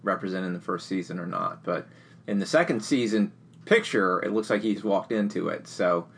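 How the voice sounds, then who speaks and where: Easygoing low-voiced man, rambling. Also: normal speed, vocal fry, slight background noise. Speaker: podcast co-host. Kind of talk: casual chat.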